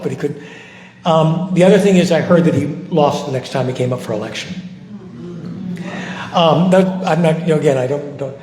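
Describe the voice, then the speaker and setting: An older man, a former civil rights volunteer, telling his story at a post-screening discussion, reflective and halting, with many restarts. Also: mid-range voice, mellow. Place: large hall. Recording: echoey hall, faint noise.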